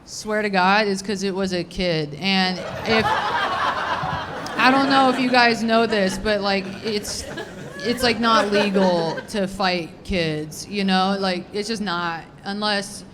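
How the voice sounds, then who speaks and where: A woman's voice: mid-range voice, takes it slowly, crowd noise, noisy background. A woman in her thirties doing a rambling, crude, self-deprecating stand-up set on a comedy club stage.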